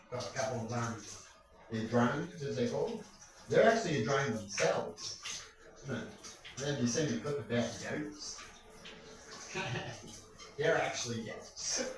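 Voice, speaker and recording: A man's voice: medium pitch, fairly bright tone. A man ranting in a rambling monologue, crude and full of rhetorical questions. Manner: crude, rambling, keeps asking "right?". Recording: echoey room, far from mic.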